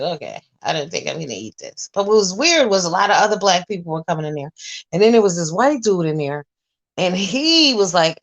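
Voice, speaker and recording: A woman in her forties chatting to viewers, telling a story in a blunt, animated, profane way. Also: on the low side. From US Northeast. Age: 40s. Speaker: vlogger.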